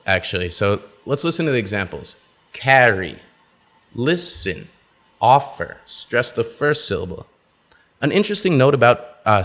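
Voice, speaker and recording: A man giving a webinar lesson on pronunciation, speaking clearly and drawing out example words. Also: fairly low pitch, fairly bright tone. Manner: clear, deliberate teaching with drawn-out example words. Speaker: pronunciation teacher.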